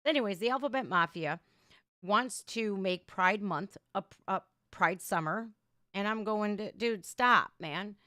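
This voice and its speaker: A woman's voice: mid-range voice, measured pace, no room sound, studio quality. Blunt, ranting woman livestreamer. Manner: blunt, sarcastic, animated ranting. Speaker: livestream reaction host. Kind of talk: casual opinionated livestream talk.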